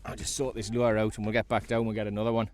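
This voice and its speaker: Excitable man fishing from a kayak. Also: fairly low pitch, rapid-fire. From North East England. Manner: chatty, excitable, talks to the fish. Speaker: fishing vlogger. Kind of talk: casual running commentary while fishing. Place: kayak at sea outdoors.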